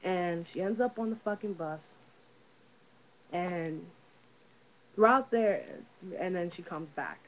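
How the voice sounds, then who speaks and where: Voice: medium pitch, unhurried, a bit bright, rough recording. Rambling, profane movie reviewer. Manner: rambling, profane, lots of fillers. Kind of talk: casual spoken movie review.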